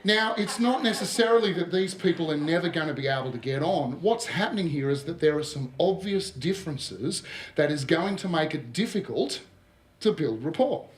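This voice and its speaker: A man's voice: on the high side, normal speed, a little hiss or hum. Roomy-sounding Australian man presenting a workshop. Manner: lively, joking with the audience, drops asides. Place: large room with live audience. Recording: roomy echo of a hall.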